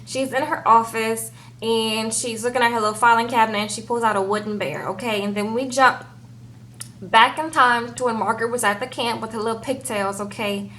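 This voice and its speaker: A woman's voice: a little high, fairly quick, poor audio. Chatty woman recapping with sass. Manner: chatty, animated, says "girl" and "okay?" often. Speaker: TV show recap reviewer. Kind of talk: casual recap of a TV episode.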